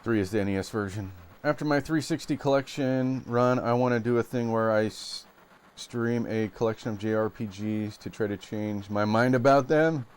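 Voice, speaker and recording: A man streaming a retro game live, chatting casually with his viewers in a relaxed way and laughing easily. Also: mid-range voice, moderate pace, clear, resonant tone. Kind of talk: casual live-stream chat while playing.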